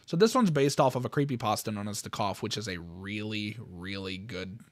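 Man with a lively, bouncy pitch who swears freely, dry close sound; casual channel host reacting to stories. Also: moderate pace, no room sound. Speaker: YouTube host.

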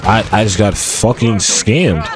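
Deep-voiced man reacting to gameplay, swearing. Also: a little slow. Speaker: gaming YouTuber. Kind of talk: gameplay commentary. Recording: game gunfire behind voice.

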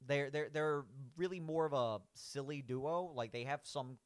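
A man's voice: on the high side, moderate pace, clean tone. A man giving casual, rambling commentary as he rates cartoon villains. He keeps saying "like", restarts his sentences and laughs at his own points.

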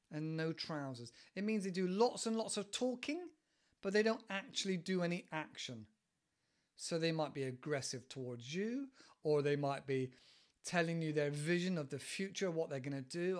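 A man's voice: fairly high pitch, moderate pace. A man with an English West Country accent who hosts a casual podcast lesson, explaining idioms in a chatty, digressive way and laughing often. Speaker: English teacher and podcast host.

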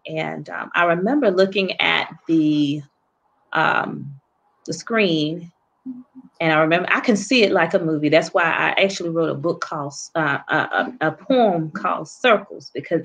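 Interview guest: woman with a lowish voice, speaking softly and haltingly. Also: vocal fry. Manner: soft, halting, many pauses and restarts. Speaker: guest author and poet. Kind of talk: personal story in an interview.

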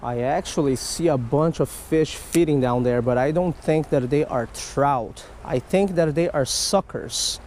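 A man vlogging outdoors while fishing a creek, chatting casually and getting excitable, swinging from hushed to yelling. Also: fairly high pitch, a little slow, few pauses.

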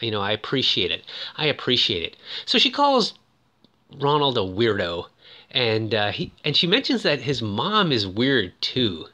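Man, casual movie recap, lively up-and-down pitch, jokey asides. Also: normal speed. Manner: joking, animated asides with frequent "ooh". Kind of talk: casual commentary.

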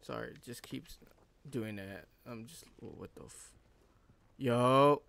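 A man's voice: lowish voice, a little slow, gravelly, a little hiss or hum. A young man giving profane, joking let's-play commentary and laughing often. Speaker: gaming channel host.

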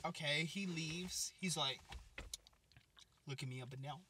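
A young man telling a comic story as a vlogger, animated and expressive, swinging between loud bursts and muttered asides. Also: a little high, a little slow, breathy edge. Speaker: comedian vlogger.

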